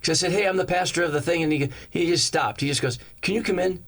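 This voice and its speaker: A man preaching as a pastor, telling a personal story in a lively way and acting out the lines of each person in it. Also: fairly high pitch, fast talker. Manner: animated, acts out each character's lines in the story. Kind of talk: storytelling sermon.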